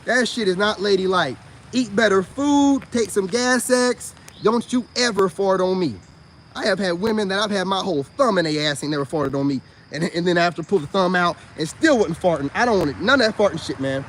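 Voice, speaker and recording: A man giving a profane, mocking monologue, swinging between high outbursts and low mutters. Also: fairly quick, fairly bright tone, a little hiss or hum. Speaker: online commentator. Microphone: self-recorded video.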